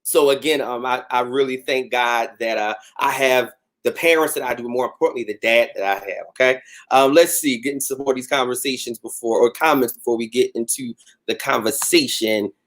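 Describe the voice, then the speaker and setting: A man's voice: mid-range voice, brisk. A man hosting a casual livestream chat, reading viewer comments and talking to them with slang. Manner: animated, talks to viewers with slang. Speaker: host.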